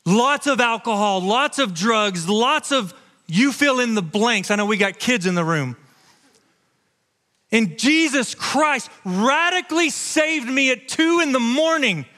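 A high, bright male voice preaching a sermon with fervor, rising to ringing declarations and dropping to hushed confession. His words carry a long reverb from a large church hall. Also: lively intonation, measured pace. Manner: impassioned preaching, swinging from loud to hushed. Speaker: pastor. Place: church stage.

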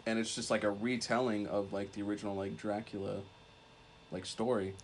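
A man's voice: on the low side, flat delivery, a little fast, slight background noise. A young man co-hosting a podcast, retelling a film in a rambling, casual way, swearing often and filling with "like". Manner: rambling, swears a lot, heavy use of "like". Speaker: podcast co-host. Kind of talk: casual chat.

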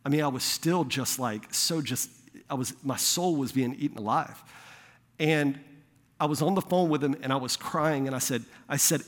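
A man's voice: medium pitch, moderate pace, a bit bright. A young adult man, a pastor, telling a personal story in a sermon in a conversational way, acting out the voices of the people he quotes. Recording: long hall reverb.

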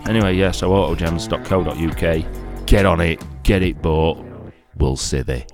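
Sweary Irish bloke hosting, music behind. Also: male voice, low voice, moderate pace. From Ireland. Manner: swears a lot, loud joking. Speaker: podcast co-host. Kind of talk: crude casual banter.

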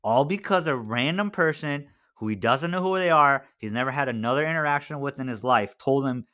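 A man's voice: medium pitch, fairly quick, bright, forceful tone. A man co-hosting a casual podcast, telling a story in a chatty way, full of "like" and "right?". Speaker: podcast co-host.

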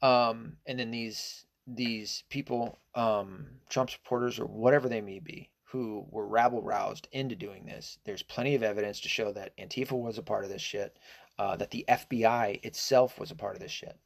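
A man's voice: on the low side, fairly even intonation, normal speed, vocal fry. A man giving a casual, indignant opinion monologue, rambling and hesitant with many fillers, restarts and swearing. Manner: profane and indignant. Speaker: political commentator.

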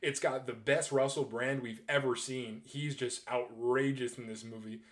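A man in his twenties talking casually and excitably, rambling through his thoughts with frequent restarts and casual swearing. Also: mid-range voice, normal speed. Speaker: movie reviewer. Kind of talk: casual ranking chat.

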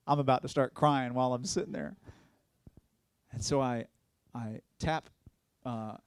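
A male evangelist shares his testimony from the pulpit, a lively storyteller who slips into the voices of the people in his story and laughs easily. His voice sits at an ordinary middle pitch. The sound is dry and close, with little room around it. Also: measured pace, clean tone, no room sound. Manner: animated storytelling, acts out quoted voices, laughs often. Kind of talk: testimony sermon.

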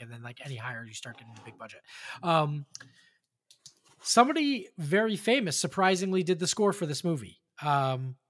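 A podcast host quizzing co-hosts in casual chat, halting with many fillers. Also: medium pitch.

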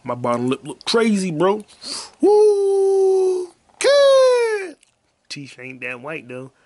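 A man hosting a podcast alone, telling crude, rambling stories and bursting into loud high yelps and sound effects. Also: lively intonation, moderate pace, background noise. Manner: profane, rambling storytelling. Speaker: podcast host. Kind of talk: casual solo podcast monologue.

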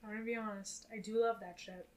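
A young woman co-hosting a podcast, casually recapping a film in an animated, profane way. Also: mid-range voice, fast talker. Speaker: podcast co-host.

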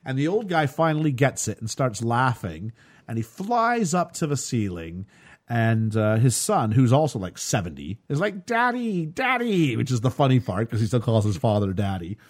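Lively, sarcastic man chatting casually. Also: medium pitch, normal speed. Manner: sarcastic, mock-outraged, acts out quotes. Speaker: podcast host reviewing a film. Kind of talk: casual chat.

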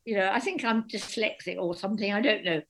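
An older woman, a guest author chatting in an interview, an animated storyteller who acts out the voices of people she quotes. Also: medium pitch, quick pace. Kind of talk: casual interview chat.

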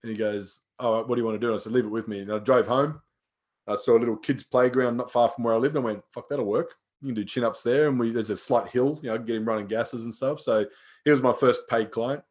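A man's voice: mid-range voice, steady tone, fast talker, darkish tone. A young man, a personal trainer, telling stories in casual chat, swearing freely and acting out the lines of people he quotes.

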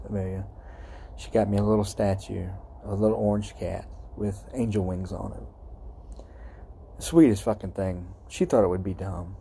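A man with a drawl talks in a low, mellow voice, rambling from the heart and cursing freely. He records his podcast outdoors at night. Faint background noise sits under his voice. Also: gravelly. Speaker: podcast host. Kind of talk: casual solo podcast monologue.

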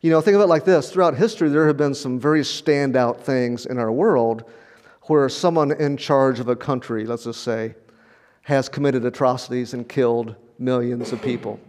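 A man's voice: mid-range voice, normal speed, a little mellow. An older man preaching a sermon in a conversational, storytelling way, often repeating words and chuckling. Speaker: pastor.

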